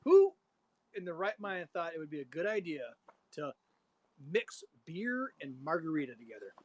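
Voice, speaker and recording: A man's voice: a little high, very animated, normal speed, low-quality recording. A man co-hosting a homebrew show, chatting casually on a live stream in a laid-back way and often calling people "man".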